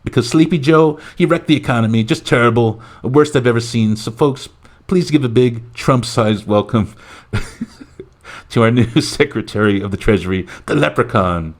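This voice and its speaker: A man doing a comic impression of a boastful, rambling male president, who talks loudly and piles on superlatives. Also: medium pitch, moderate pace, voice pushed up, lightly acted. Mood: bragging. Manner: loud bragging, repetitive superlatives. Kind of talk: comic impression in a podcast skit.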